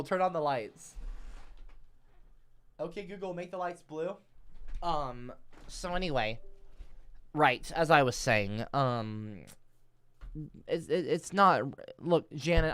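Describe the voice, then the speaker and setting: A man's voice: medium pitch, clean tone, no room sound. A man live streaming, reading and answering his chat in a rambling, profane, exasperated rant.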